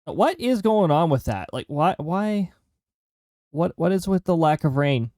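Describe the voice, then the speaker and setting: A man chats through a role-playing game session, cracking small jokes and reading bits of the game aloud. His voice sits a touch higher than most men's, and the sound is close and dry with no room around it. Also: big pitch swings, unhurried, warm tone, no room sound. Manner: joking, chatty, reading game lines aloud. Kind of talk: casual gameplay commentary.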